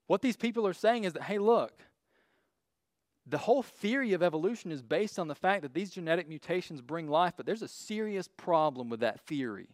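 A man giving a casual lecture to a group, working through his slides. He is blunt and throws in joking asides. His voice sits a bit higher than most men's, and the recording is dry and close. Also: no room sound. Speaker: speaker teaching a class on faith and evolution.

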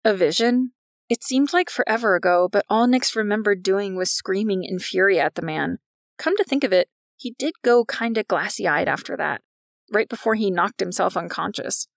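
Gravelly woman narrating a story. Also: mid-range voice, normal speed, dry recording, studio quality. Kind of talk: scripted narration of a fiction podcast.

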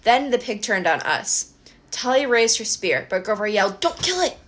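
A woman narrates a first-person audiobook in a brisk, expressive way. Her voice is bright and clear, at a middle pitch for a woman.

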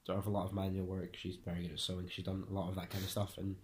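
A man's voice: deep voice, completely flat delivery, very fast, a little mellow. Young man, rambling and searching for words. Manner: explains at length with restarts, searching for words. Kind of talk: casual conversation.

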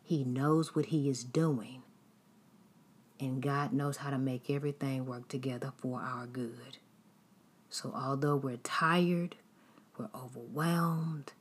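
A woman with a low, husky voice gives an earnest devotional sermon. She speaks slowly and deliberately, pressing her points with exhortation. She often drops into hushed, half-whispered phrases. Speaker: preacher.

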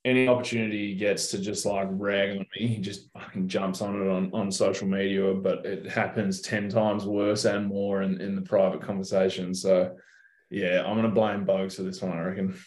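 Young Australian guy, deep and monotone, relaxed storyteller with a salty mouth; echoey room. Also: moderate pace. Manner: laid-back, swears freely, tells stories. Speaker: professional basketball player, guest. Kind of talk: casual interview chat. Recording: roomy echo.

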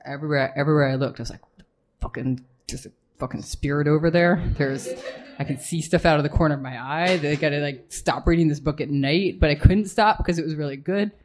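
A woman's voice: deep voice, slight background noise. A woman hosting a live reading in a pub carriage house, introducing an author in a casual, enthusiastic way with some swearing. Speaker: reading series host.

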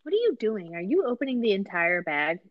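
A woman co-hosting a podcast in casual chat, reacting often with lively exclamations. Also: medium pitch, brisk, lo-fi sound, slight background noise. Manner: reactive, animated, frequent exclamations. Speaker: podcast co-host.

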